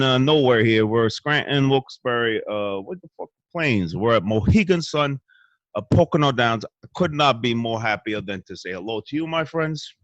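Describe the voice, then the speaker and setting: Foul-mouthed rambling stand-in host, mid-pitched man, close and dry mic in a hotel room. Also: normal speed, no echo. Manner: rambling, crude and boastful. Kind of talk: profane comic monologue.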